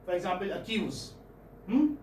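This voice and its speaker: Teaching phonetics with an Indian English accent, this English professor has a voice that sits high, is expressive, and carries a darkish tone. He pauses a lot, repeats himself, and tosses out "hmm?" and "okay?" to check on his students. It was recorded from far away in an echoing room, faint noise audible.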